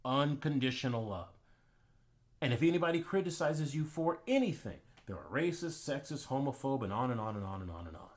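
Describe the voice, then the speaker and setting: A man's voice: mid-range voice, animated, brisk. A man hosting his own channel, giving an emphatic, preachy commentary monologue and telling personal anecdotes. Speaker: channel host.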